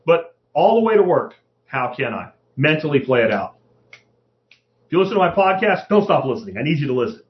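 A middle-aged man talks through his podcast with a rather high, very lively voice that swoops as he acts out other people mid-sentence. He swears freely and keeps it loose and conversational. The audio is dull and lo-fi. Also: a little fast. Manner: profane, animated, acts out quoted voices. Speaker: podcast host. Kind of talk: casual monologue.

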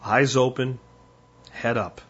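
An older man hosting a solo podcast, talking bluntly and emphatically in warning tones, with a husky voice. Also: mid-range voice, steady tone, slow, a bit bright, highs cut off. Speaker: podcast host.

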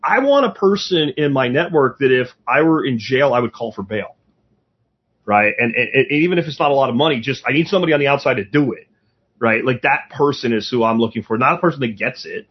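Husky-voiced man in blunt, profane chat. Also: mid-range voice, animated, fairly quick, dull audio. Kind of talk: casual chat.

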